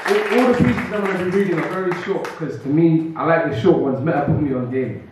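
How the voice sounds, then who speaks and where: A man performing spoken word poetry at an open mic, with a measured, rhythmic delivery and casual asides between pieces, recorded from far off in an echoey room. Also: fairly high pitch, crowd noise, background noise. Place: open mic event venue. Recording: echoey room, distant and muffled.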